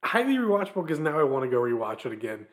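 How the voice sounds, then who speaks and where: A man's voice: mid-range voice, big pitch swings, fast. A young man co-hosting a podcast, chatting casually about a movie and poking fun at himself. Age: young adult. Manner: self-mocking and easygoing. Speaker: podcast co-host. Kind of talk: casual film chat.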